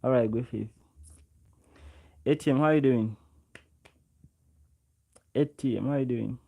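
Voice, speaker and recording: A man's voice: medium pitch, measured pace, creaky, narrow, tinny audio. A man from Uganda, hosting a casual livestream on his own microphone, greeting viewers by name and often repeating his words. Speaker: livestream host. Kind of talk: casual live chat with viewers. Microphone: own microphone, close.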